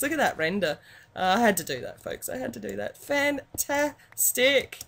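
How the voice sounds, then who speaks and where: A woman with an Australian accent giving chatty, excitable commentary while playing a video game as a YouTuber. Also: mid-range voice, a little slow, gravelly. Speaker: gaming YouTuber.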